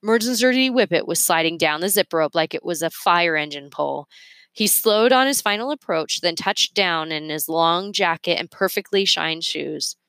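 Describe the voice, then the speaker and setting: Low-voiced woman reading a storybook. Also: dry recording. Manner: expressive, measured storytelling. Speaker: reader. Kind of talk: reading a children's novel aloud.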